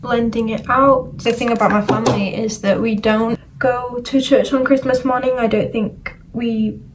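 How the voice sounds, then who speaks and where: A young woman with a Yorkshire accent talks through her routine step by step in a chatty vlog from her bedroom. Her voice sits on the high side. She is a little way from the mic, with clear noise behind her. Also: steady tone, moderate pace, recorded from a distance. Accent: Yorkshire English. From Yorkshire, England. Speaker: vlogger. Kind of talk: casual get-ready-with-me vlog narration. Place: bedroom at home.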